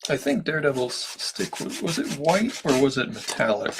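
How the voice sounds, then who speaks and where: A man with a mid-pitched, gravelly, slightly hoarse voice chats casually as he draws on a live stream. He thinks out loud, restarting sentences and filling pauses. Faint scratching and rubbing from his drawing tools sit quietly behind him. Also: a little hiss or hum, rough recording. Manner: relaxed, thinking aloud, many fillers and restarts.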